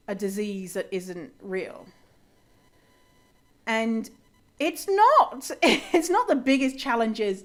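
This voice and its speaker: A woman hosting a solo podcast, sarcastic and chatty, rebutting quotes she reads aloud. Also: mid-range voice. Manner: frequent fillers and restarts, laughs often. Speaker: podcast host.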